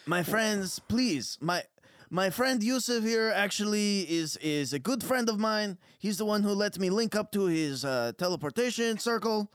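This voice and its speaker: A man's voice: animated, moderate pace, no echo, clean studio sound. A man voicing a pushy male car dealer who keeps reassuring his customers. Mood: pleading. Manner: salesman's smooth pitch, calls everyone friend.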